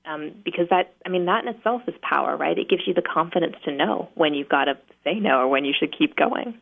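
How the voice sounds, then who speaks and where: A woman explains negotiation tactics in a practical, unhurried way, with lots of "you know" and "um." Her voice sits low with a gravelly fry. She comes through a thin, tinny phone line. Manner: practical, steady, filler-heavy explaining. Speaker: negotiation trainer, guest. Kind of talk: explanatory interview talk. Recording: phone-line guest audio.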